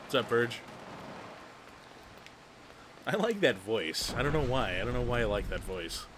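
A young man streams a shooter game, chatting casually and teasing his viewers as he plays. His mid-range voice swings widely in pitch and moves a little slowly. Background noise is present.

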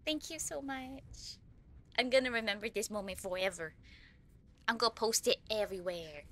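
A woman streaming a horror game, giddy and excitable, laughing often as she thanks her viewers. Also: mid-range voice, moderate pace. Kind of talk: live gameplay commentary.

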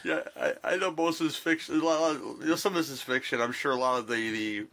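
A man's voice: mid-range voice, quick pace, fairly bright tone. A man co-hosting a podcast, chatting casually about a movie, rambling with frequent restarts. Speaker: podcast co-host. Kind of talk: casual movie-discussion chat.

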